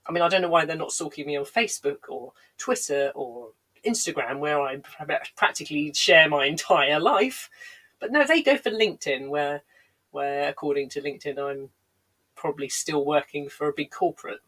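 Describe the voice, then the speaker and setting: A woman's voice: sits low, moderate pace, a bit bright, low-quality recording. Congested woman telling rambling comic stories. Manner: digressive, dry, self-deprecating asides. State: slightly congested, with a lingering cough. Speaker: comedian. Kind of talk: rambling comic storytelling on a livestream. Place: home, livestream.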